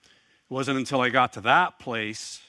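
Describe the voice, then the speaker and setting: Bright-voiced man preaching. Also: medium pitch, normal speed, no room sound. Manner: earnest storytelling with wry asides and laughs. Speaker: pastor. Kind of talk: sermon.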